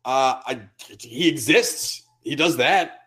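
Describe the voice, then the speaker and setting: A man's voice: medium pitch, slow pace, fairly bright tone. Blunt, teasing male podcast co-host. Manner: blunt, crude, teasing banter. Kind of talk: casual sports podcast chat.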